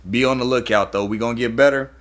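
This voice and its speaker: A man's voice: mid-range voice, steady tone, quick pace. A man co-hosting a casual boxing podcast, opinionated and laid back, often repeating words as he talks. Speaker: podcast co-host.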